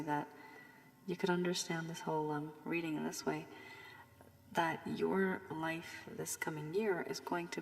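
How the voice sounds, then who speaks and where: A woman giving a rambling tarot reading while recovering from a cold, her voice strained and husky, slipping at times to a whisper. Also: low voice, in a large hall. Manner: loose and rambling with many fillers, warning and advising. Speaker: tarot reader. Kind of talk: casual tarot reading monologue.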